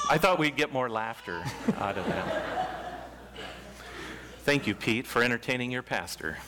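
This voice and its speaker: A male pastor preaching a sermon, reading scripture slowly with deliberate pauses into a church microphone. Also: mid-range voice, expressive, very noisy.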